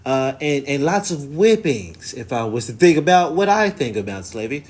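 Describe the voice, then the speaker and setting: A man voicing a mocking imitation of a prim woman scholar who talks haltingly, with lots of ums and uhs. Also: medium pitch, big pitch swings, darkish tone.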